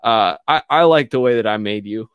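Halting, emotional man on a radio show. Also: fairly low pitch, fairly bright tone, smooth, no room sound, studio quality. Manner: halting, emotional, many fillers and restarts. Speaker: guest. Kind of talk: candid personal story on a talk show. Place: radio studio.

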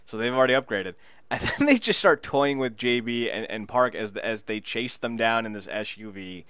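A man co-hosting a podcast, excitedly recapping a show in casual chat, laughing and swearing as he goes. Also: medium pitch, moderate pace, clean tone, dry recording. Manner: excitable, laughing, profane storyteller. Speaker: podcast co-host.

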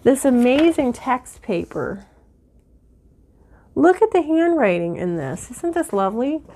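Excitable middle-aged woman vlogger. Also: high-pitched, unhurried, slight background noise. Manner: chatty and excitable, with many fillers. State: teary-eyed. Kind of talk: casual haul and mail-opening chat.

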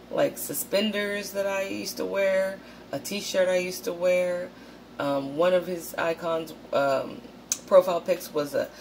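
A woman's voice: on the low side, a little hiss or hum. A woman hosting a casual vlog, talking straight to her viewers. She is blunt and swears a lot, and she acts out quotes in a raised voice. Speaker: channel host.

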